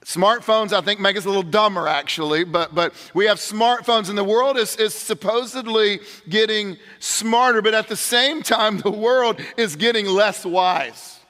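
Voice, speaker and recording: Guy preaching a sermon, pretty high bright voice, lots of earnest restarts, big echoey church. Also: clean tone. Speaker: pastor. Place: large church sanctuary. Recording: long hall reverb.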